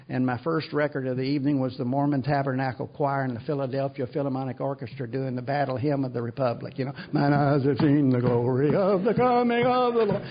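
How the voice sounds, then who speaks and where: Older man, gravelly, rambling self-deprecating storyteller at a recovery meeting; muffled lo-fi sound. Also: medium pitch. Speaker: AA speaker. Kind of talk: recovery talk to an audience. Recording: dull lo-fi recording.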